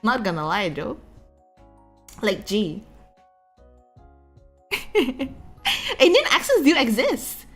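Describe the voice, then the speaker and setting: Young Indonesian woman streamer, slight Singlish accent, high lively voice, faint music behind. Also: drawn-out words, pauses often, slightly rough. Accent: Indonesian English with a touch of Singlish. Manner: chatty, giggly, lots of fillers. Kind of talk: casual chat.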